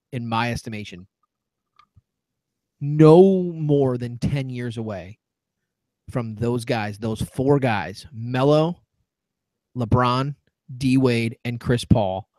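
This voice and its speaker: A man's voice: medium pitch, slow, long pauses, dark tone, dry recording. A man co-hosting a sports podcast, reading out listener messages with a wry tone. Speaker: podcast co-host. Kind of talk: casual sports talk.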